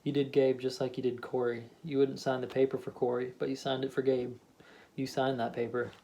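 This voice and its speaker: A reproachful, steadfast middle-aged wife, as a man reads her part without raising his pitch. She presses her point plainly and flatly. Faint hiss sits under the storybook reading. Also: brisk, gravelly, natural voice, low-quality recording. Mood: accusing.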